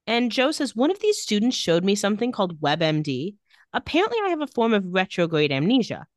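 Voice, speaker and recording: A woman's voice: medium pitch, a little fast, no echo. A woman co-hosting a recap podcast in a casual chat, reading out scene dialogue with dry sarcasm. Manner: sarcastic, retells scenes by reading lines in a flat voice. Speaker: podcast co-host recapping a TV episode.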